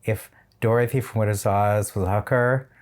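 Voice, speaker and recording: A man's voice: lowish voice, fairly even intonation, a little fast. A man reviewing a drag competition show in a casual, chatty reaction style, with opinionated and slightly shady asides.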